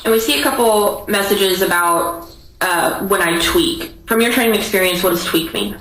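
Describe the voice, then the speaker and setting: A woman examining a witness in court with brisk, direct questions. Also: mid-range voice, fairly bright tone. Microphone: distant courtroom microphone. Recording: echoey, distant courtroom audio with noise.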